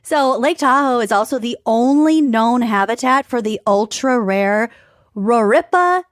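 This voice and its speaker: A woman co-hosting a podcast in casual chat, talking fast and loose with lots of "like" and frequent laughs. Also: on the high side, no room sound, clean studio sound. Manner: chatty, laughs often, says "like" a lot. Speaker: podcast co-host.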